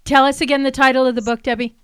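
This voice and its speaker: A woman's voice: high-pitched, flat delivery, racing, very noisy. A woman co-hosting a podcast, asking friendly questions and gushing over her guest. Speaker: podcast co-host. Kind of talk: interview hosting.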